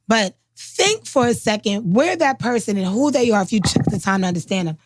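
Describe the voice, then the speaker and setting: A woman co-hosting a podcast in casual chat, talking in an emphatic, animated way. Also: mid-range voice, fairly quick, dry recording. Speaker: podcast co-host.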